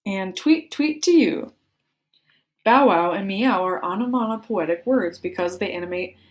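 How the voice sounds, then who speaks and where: A woman reading a children's book aloud, playfully acting out the sound words. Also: on the low side. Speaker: book reader.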